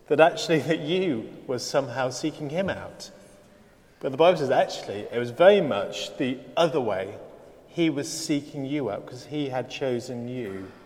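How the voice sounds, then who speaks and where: A man's voice: mid-range voice, a little mellow. Guy giving a sermon in church, dry jokes then big emphasis, echoey hall sound. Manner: storytelling with dry humour and rising emphasis. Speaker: preacher. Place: church service. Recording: long reverb of a church hall.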